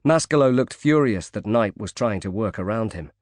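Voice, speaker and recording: A man narrating a thriller audiobook in a measured, even reading. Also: fairly low pitch, no room sound. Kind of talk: scripted narration.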